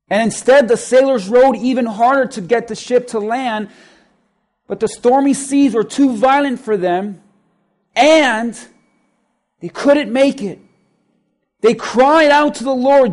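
High-voiced man preaching slowly. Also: darkish tone. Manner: slow, emphatic preaching with repetition. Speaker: pastor. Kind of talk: sermon.

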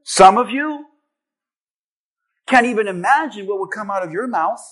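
Man, pastor, sermon, forceful bright tone, dramatic, shouts at climaxes. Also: sits high, animated, normal speed. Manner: dramatic, shouting at peaks, acting out quotes.

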